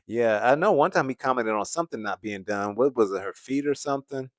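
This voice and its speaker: A man hosting a commentary livestream, reading viewer comments and musing in a relaxed, casual way with frequent laughs. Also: medium pitch, brisk, no echo, clean studio sound. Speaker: commentary channel host. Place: home in California.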